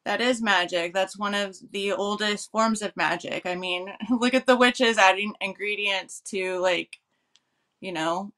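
A woman's voice: medium pitch, a little slow, fairly bright tone. A woman with a Californian accent, co-hosting a casual live-stream chat and laughing between her phrases. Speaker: co-host.

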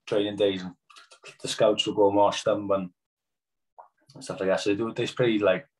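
A young Welsh man with a Welsh accent, chatting as a podcast guest and telling quick, animated stories with casual swearing. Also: fairly low pitch, rough recording. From Wales. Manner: fast, animated storytelling with swearing. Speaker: guest rugby player.

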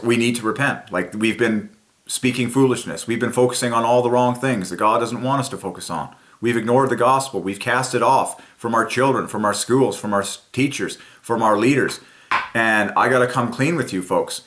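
A man's voice: on the low side, a bit bright. A man speaking as host of his own Christian channel, preaching in a loose spoken sermon that rambles and halts with many fillers and restarts.

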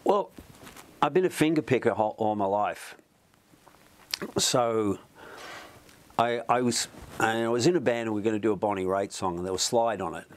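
A middle-aged man with a fairly low voice tells long, meandering stories in a relaxed interview. He stops and restarts often and keeps adding asides, the way someone talks while sitting in a music studio. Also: moderate pace, long pauses, slight background noise. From Australia. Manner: rambling, chatty, many restarts. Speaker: musician guest. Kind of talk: storytelling in an interview.

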